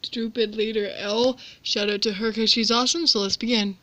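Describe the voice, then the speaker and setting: A woman's voice: on the high side, steady tone, normal speed, bright, forceful tone, no echo. A woman hosting a casual reaction video, chatting playfully with rambling asides.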